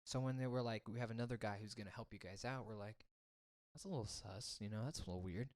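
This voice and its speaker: A man's voice: lowish voice, fast, darkish tone. A young man, a musician, recounting his band's history in a casual chat, rambling with many fillers. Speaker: guest musician.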